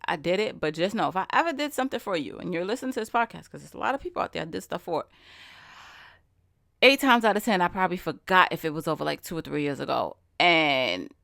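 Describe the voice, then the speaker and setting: A woman's voice: fairly low pitch, creaky, fairly bright tone, no echo, clean studio sound. A woman hosting a podcast, talking in a casual, emphatic way and asking rhetorical questions. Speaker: podcast host. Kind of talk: casual solo podcast monologue.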